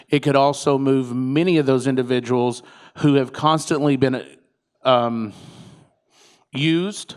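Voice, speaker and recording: A man, a political candidate giving a chatty, joking conference speech. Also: on the high side. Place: conference room with audience.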